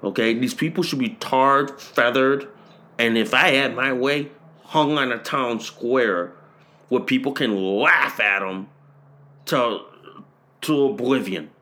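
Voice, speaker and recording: A man hosting a podcast, ranting and hammering the same phrases over and over, rising to shouted peaks. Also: mid-range voice, takes it slowly. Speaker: podcast host. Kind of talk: political rant.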